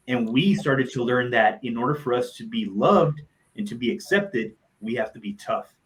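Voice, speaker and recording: A man's voice: medium pitch, expressive, moderate pace, rough recording. A man, a motivational speaker and coach, telling personal stories on a live talk show in a heartfelt, earnest way and repeating phrases for emphasis.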